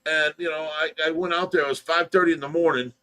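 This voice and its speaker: A man's voice: a little high, steady tone, fast, bright, forceful tone. An older man hosting a livestream, chatting in a folksy, rambling way and telling stories with mock offense. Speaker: host of fish rescue livestream. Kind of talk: casual livestream chat.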